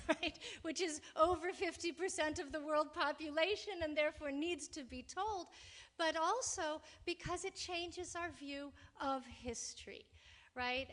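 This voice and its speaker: Woman, high voice, academic panelist, lecturing, "right?" tags. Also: a bit bright. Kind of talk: panel talk.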